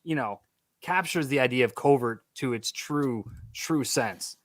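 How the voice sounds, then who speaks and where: A man co-hosting a podcast in casual chat, emphatic and animated, laughing between points. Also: medium pitch, measured pace, dry recording. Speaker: podcast co-host.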